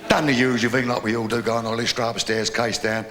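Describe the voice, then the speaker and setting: A man with a London accent doing a live stand-up routine, telling crude stories in a brash way and shouting his punchlines. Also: medium pitch, flat delivery, fast, big-room sound. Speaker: stand-up comedian. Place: live comedy venue.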